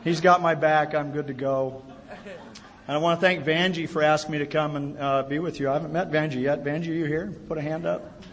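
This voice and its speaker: A man with a fairly high voice tells a personal recovery story at a meeting. He talks in a chatty, self-deprecating way and keeps slipping jokes in. The live hall adds a long, ringing reverb behind his words. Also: steady tone, fairly quick. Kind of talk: personal recovery talk to an audience. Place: meeting hall before an audience.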